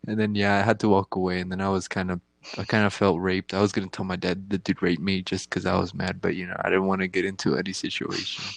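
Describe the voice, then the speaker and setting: A man's voice: low-pitched, completely flat delivery, quick pace, vocal fry, no room sound. A young man telling a crude story in casual chat as a podcast co-host, rambling and profane, often laughing.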